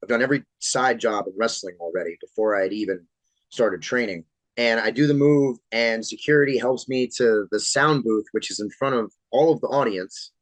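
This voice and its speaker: A man in his thirties from Florida, a pro wrestler telling animated, swear-laced stories as a podcast guest. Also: mid-range voice, moderate pace, no echo, rough recording. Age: 30s. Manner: animated storyteller, swears freely. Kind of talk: casual podcast interview storytelling.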